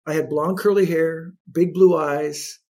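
A man's voice: fairly high pitch, unhurried. A man in his fifties, a guest telling his story in an interview, acting out the voices of the people in it. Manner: animated storyteller acting out quotes.

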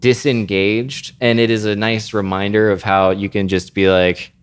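A man's voice: fairly low pitch, little pitch movement, moderate pace, clear, resonant tone. A man co-hosting a podcast, chatting casually in a wry, self-mocking way. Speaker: podcast co-host. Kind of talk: casual chat.

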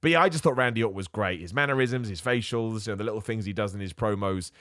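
A man hosting a podcast, giving opinions in a casual, animated, self-deprecating way. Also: lowish voice, fast, dry recording, studio quality. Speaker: podcast host.

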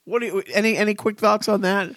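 High-voiced man in his fifties, rambling. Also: fairly even intonation, fast, a bit bright, dry recording, studio quality. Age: 50s. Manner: rambling storyteller, laughs often. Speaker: podcast host. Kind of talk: casual chat.

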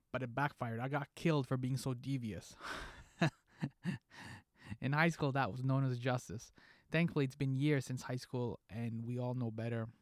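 A man hosting a podcast, delivering a scripted monologue with a playful, joking lilt. His voice sits in an ordinary middle pitch. The sound is close and dead dry, with no room around it. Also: no room sound. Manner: playful, jokey delivery with pop-culture asides. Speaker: podcast host.

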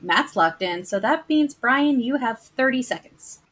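A woman's voice: fairly high pitch, expressive, measured pace, a bit bright. A woman hosting a trivia game, reading questions aloud and playfully teasing the players.

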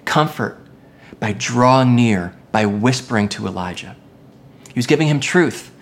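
A pastor preaching a sermon in an expressive way, moving between emphatic lines and hushed ones. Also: medium pitch, unhurried.

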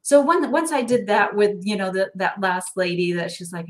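A woman's voice: mid-range voice, normal speed. Chatty middle-aged woman, laughs a lot, acts out what people said to her. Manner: expressive, laughs often, acts out quoted dialogue. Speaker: guest, financial planner. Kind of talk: animated conversational interview.

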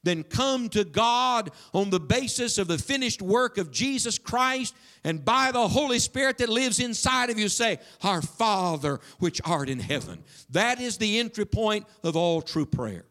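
A man preaching a sermon in a church, swinging between loud emphasis and hushed asides. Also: very high voice, lively intonation, unhurried, hardly any pauses. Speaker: pastor.

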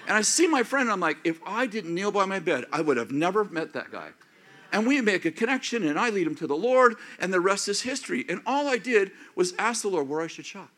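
Preaching at a fairly quick clip, a high-pitched pastor in his fifties or older brings a sermon to life by animatedly voicing prayers and people's inner thoughts.

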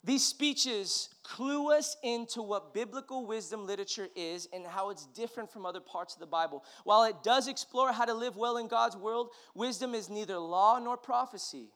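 A man preaching as a pastor, telling a personal story in a conversational way that swings from hushed to emphatic. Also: high voice, normal speed, few pauses. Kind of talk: sermon storytelling.

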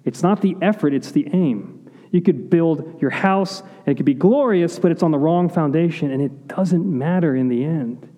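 A man preaching a sermon, earnest, asking rhetorical questions and dropping to quiet intensity at key points. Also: a little high, normal speed. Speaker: pastor. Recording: long hall reverb.

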